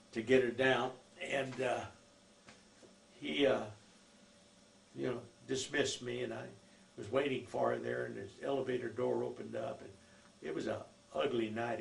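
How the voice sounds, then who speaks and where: A man's voice: mid-range voice, gravelly. An older man telling family stories from his life in a rambling, folksy way, full of fillers. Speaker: oral history narrator. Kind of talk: recorded life-story reminiscence. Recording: echoey room with faint noise.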